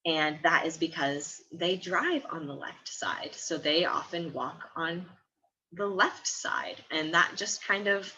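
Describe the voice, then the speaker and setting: A Midwestern American woman in her twenties, a study abroad student, chats casually in a vlog and laughs often between phrases. Her fairly low voice is slow and sharp, and the sound is lo-fi.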